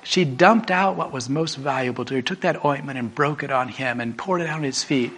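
A man preaching a sermon, telling a story emphatically and swinging from a hushed voice to a raised one. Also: mid-range voice, brisk, slight background noise.

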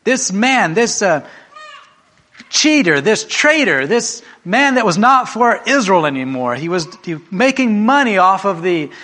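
Guy preaching a sermon, kinda high voice, goes from quiet to loud a lot. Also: very animated, unhurried. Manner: emphatic storytelling, swinging from hushed to raised.

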